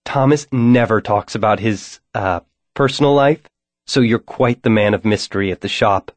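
A man's voice: fairly low pitch, moderate pace, no echo, lightly acted. A man voicing a cheerful, bubbly young woman. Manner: bright, cheerful.

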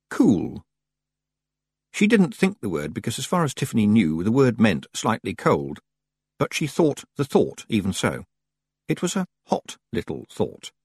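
A man narrating a story as an audiobook reader, with expressive, wide-ranging delivery. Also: lowish voice, slightly rough, no room sound.

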